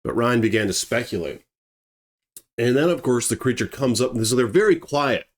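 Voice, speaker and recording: A man telling a story in a casual, animated way, swearing freely and acting out each scene. His mid-pitched voice rises and falls a lot as he goes. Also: normal speed.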